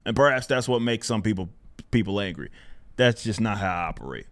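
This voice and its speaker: A man's voice: lowish voice, animated, a little fast. A man hosting his own channel, venting in casual, profane, exasperated commentary and often breaking into laughter. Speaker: channel host.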